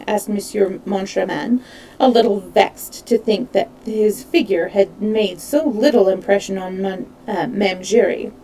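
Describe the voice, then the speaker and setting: A woman reading a classic novel aloud as a storyteller on a live stream, expressive, stumbling now and then over names. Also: medium pitch, unhurried, recorded from a distance, poor audio.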